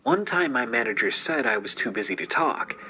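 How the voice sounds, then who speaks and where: A man's voice: medium pitch, animated, brisk, bright, forceful tone, slight background noise, poor audio. A man narrating a true scary story in a scripted, dramatic way and dropping into whispers at tense moments.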